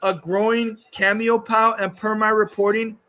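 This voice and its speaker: A man hosting a casual commentary stream, reading chat and ranting in a heated, profane way with many filler pauses. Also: high voice, flat delivery, pushed and bright.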